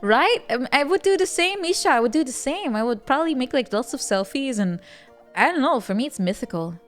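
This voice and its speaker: A woman's voice: sits high, expressive, a little fast, soft background music. Giggly woman streamer chatting. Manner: giggly, laughs often between remarks. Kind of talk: casual chat with live viewers.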